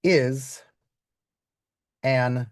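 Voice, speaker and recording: A man's voice: mid-range voice, steady tone, very slow, no room sound, clean studio sound. A man teaching a live online class to children, playful and chatty, quizzing students and asking them to type their answers in the chat.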